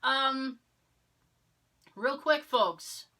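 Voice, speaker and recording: Podcast co-host, woman from Massachusetts, clear bright tone, a storyteller who acts out the other voices. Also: high voice, drawn-out words, a little hiss or hum. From Massachusetts, near Cape Cod. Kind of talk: casual chat.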